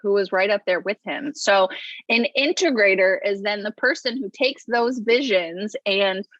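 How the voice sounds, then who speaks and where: A woman's voice: medium pitch, moderate pace, fairly bright tone, no echo. Woman chatting about business, laughs a lot, kinda lo-fi sound. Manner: chatty, laughs often, quotes herself. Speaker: business integrator, co-host. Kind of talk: casual business chat.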